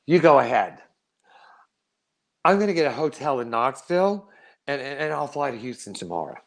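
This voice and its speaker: A man's voice: medium pitch, sing-song, moderate pace, vocal fry. A man voicing his proud, stubborn elderly mother in a spoken story, indignant and proper.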